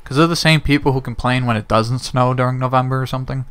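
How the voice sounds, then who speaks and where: A man from Massachusetts co-hosting a podcast, quick and sarcastic in casual chat. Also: mid-range voice, fairly bright tone, smooth. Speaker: podcast co-host.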